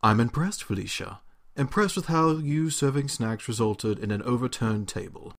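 A man voicing a stern, condescending male butler in a deliberately bad British accent, reading from a game script. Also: medium pitch, expressive, close to an everyday voice. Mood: scolding. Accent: bad put-on British. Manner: curt, scolding, condescending. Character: stern prim male butler, former noble.

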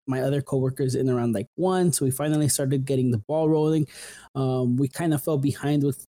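Young male podcast host, mellow tone, loose rambling storyteller with lots of filler words. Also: a little high. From San Fernando Valley, California. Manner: rambling, full of "like" and "um", restarts often. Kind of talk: casual storytelling.

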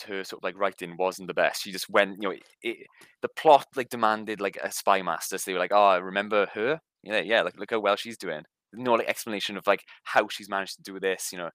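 A man's voice: lowish voice, a little fast, pushed and bright, dry recording, poor audio. A man co-hosting a podcast review, talking casually and hesitantly, hedging with fillers. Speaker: podcast co-host.

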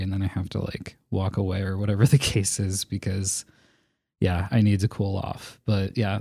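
A man's voice: low voice, a little mellow, no room sound, studio quality. A man hosting a podcast in casual conversation, candid and blunt, who swears freely. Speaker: podcast host.

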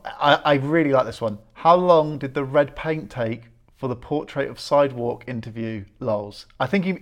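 Man, podcast host, reads questions aloud, friendly laugh, slightly high voice. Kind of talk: casual podcast interview.

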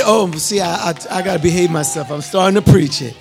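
High-voiced, gravelly preacher. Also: male voice, a little fast, soft background music. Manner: call-and-response, repetitive, swings from loud to hushed. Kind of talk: sermon.

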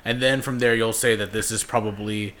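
A man co-hosts a relaxed podcast, delivering absurd jokes in a deadpan way. His voice sits a little low, and he keeps the back-and-forth going with constant casual agreement. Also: a little fast. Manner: deadpan, joking, lots of yeahs. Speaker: podcast co-host. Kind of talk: casual comedic chat.

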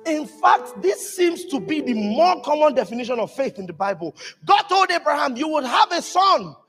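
A male pastor preaches with a high, very lively voice that swings up and down. His delivery is emphatic and animated, climbing to shouted peaks. He was recorded live in a church hall with long reverb and faint music behind him. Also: normal speed. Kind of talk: sermon.

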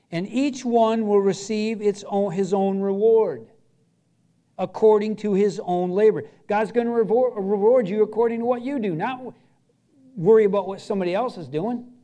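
This earnest, middle-aged pastor has a high voice and leans on repeated short phrases in his sermon, shifting from forceful loudness down to a hush.

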